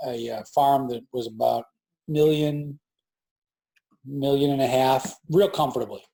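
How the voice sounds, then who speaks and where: A forties-aged entrepreneur guest, interviewed casually from his farm, tells a lively story and performs the voices of people he quotes. He talks at a measured pace with a medium-pitched, creaky voice.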